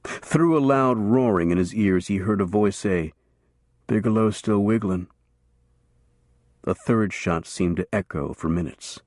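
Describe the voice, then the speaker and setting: A man narrating a western novel as an audiobook in a steady, measured storytelling voice. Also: deep voice, no room sound, clean studio sound.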